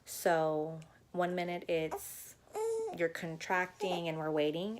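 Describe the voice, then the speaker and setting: A woman's voice: fairly low pitch, fairly even intonation, slow pace, very noisy. A young woman telling her own story in a casual, candid way, chatty and full of small hesitations. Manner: candid, chatty, frequent ums. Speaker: new mother vlogger.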